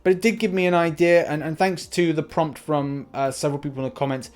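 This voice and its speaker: Chatting through viewer comments on his gaming channel, a young man speaks in a fairly high, smooth, darkish voice with a steady tone and quick pace. His delivery rambles, full of fillers and restarts.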